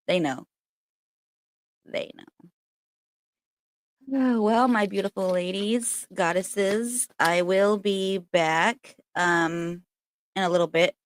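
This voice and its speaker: A woman with a lowish voice talks in a loose, candid livestream chat, cursing freely and rambling between stories. The sound is dry and close, with no room echo, as she speaks from home. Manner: candid, chatty and profane, with frequent laughs. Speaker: spiritual reader and channel host.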